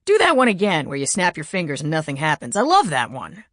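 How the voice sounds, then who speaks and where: Cocky joking young agent guy, low voice, sarcastic, a woman reading him. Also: huge pitch swings, quick pace, a bit bright, no echo, studio quality, heavily acted. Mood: teasing. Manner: teasing, sarcastic. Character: wisecracking young male American agent.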